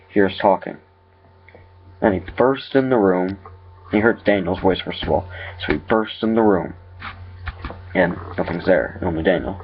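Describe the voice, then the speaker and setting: Low-voiced man retelling a horror story. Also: gravelly. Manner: halting, self-correcting. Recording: lo-fi dull recording.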